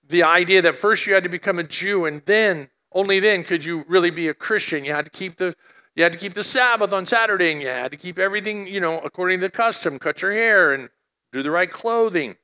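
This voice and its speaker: A man's voice: sits high, sharp tone. A middle-aged man preaching a conversational sermon as a pastor, mixing scripture with personal stories.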